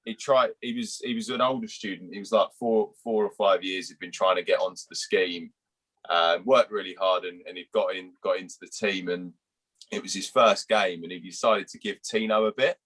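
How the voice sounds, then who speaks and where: A man's voice: sits low, fairly even intonation, normal speed, a bit bright, poor audio. A young man from England, a guest cricketer, telling rambling anecdotes with restarts and some swearing. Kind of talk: casual storytelling.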